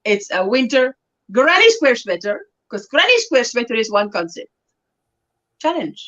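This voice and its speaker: A woman's voice: a little high, very animated, moderate pace, a bit bright. A South African woman hosting a crochet livestream, chatting casually and laughing often as she reads viewer comments aloud. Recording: lo-fi livestream audio.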